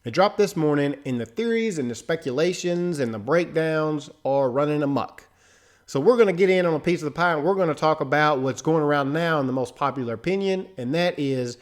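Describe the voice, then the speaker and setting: A man hosting a casual commentary video, talking loosely and conversationally with frequent filler asides. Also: a little high. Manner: loose and conversational, fills with "right?" and "you know". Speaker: host. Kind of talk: casual commentary on a film trailer.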